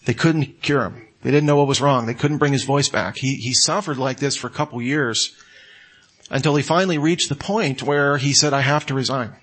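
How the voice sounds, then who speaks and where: A man preaching a sermon in a conversational, storytelling way with animated asides. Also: mid-range voice, moderate pace.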